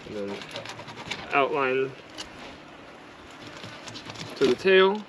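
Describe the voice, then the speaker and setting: A man's voice: medium pitch, big pitch swings, extremely slow, highs cut off, background noise. A man talking casually and matter-of-factly, walking viewers through a task step by step. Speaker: vlogger. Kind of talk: casual how-to narration.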